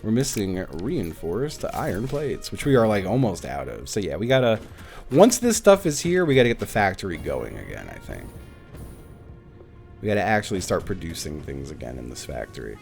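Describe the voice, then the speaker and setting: A man's voice: sits low, sing-song, normal speed, gravelly, a little mellow, faint music behind. A man streaming a game live, chatting casually and animatedly with his viewers, swearing now and then. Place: at home.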